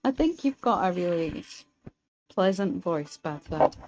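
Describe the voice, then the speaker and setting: A young Scottish woman streaming a game, chatting wryly with her viewers and pausing mid-thought. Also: lowish voice, lively intonation, darkish tone, poor audio. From Scotland. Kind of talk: casual gameplay commentary, chatting with viewers.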